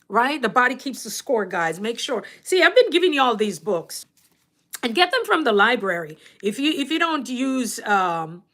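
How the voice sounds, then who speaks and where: A woman with a Jamaican accent hosts a casual livestream, talking in a fairly high voice. She is chatty and animated, laughs often and greets viewers by name as they drop in. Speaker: YouTube coach and livestream host.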